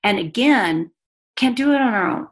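Animated woman talking faith. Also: fairly high pitch. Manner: animated, quick bursts and teasing humor. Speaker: guest speaker. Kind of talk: faith-based conversation.

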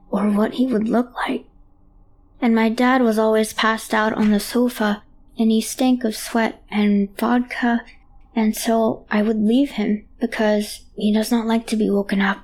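A woman's voice: fairly high pitch, darkish tone. A woman reading a horror story aloud in a child's hesitant first-person voice. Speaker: narrator. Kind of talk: scripted horror narration.

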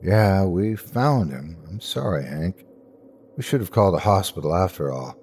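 A man plays a gruff, blunt police chief of a small town in a horror audio story. He talks low and subdued, plain and no-nonsense. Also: animated, normal speed, darkish tone, full character voice.

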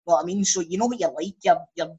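Scottish guy, husky voice, rattling off sweary stories and laughing. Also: sits high, rapid-fire, dark tone. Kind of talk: casual storytelling chat.

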